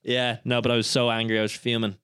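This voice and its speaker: A young man co-hosting a podcast, telling a story with animated quoted voices in casual comedic chat. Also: medium pitch, quick pace, clear, resonant tone, no room sound, studio quality. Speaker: podcast co-host. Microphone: studio mic.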